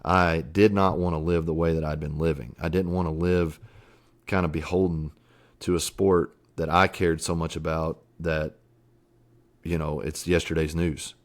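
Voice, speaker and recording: Middle-aged guy on a podcast, really low voice, earnest, swears a bit, lots of likes and you knows. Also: little pitch movement, normal speed. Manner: earnest, reflective, swears casually, many fillers. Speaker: podcast guest. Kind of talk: candid interview storytelling.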